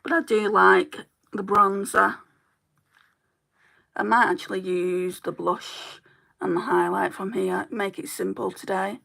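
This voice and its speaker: A woman's voice: medium pitch, steady tone, a little slow, gravelly, pauses often, bright, forceful tone, poor audio. A woman beauty YouTuber chatting casually while doing her makeup, rambling and laughing easily as she talks.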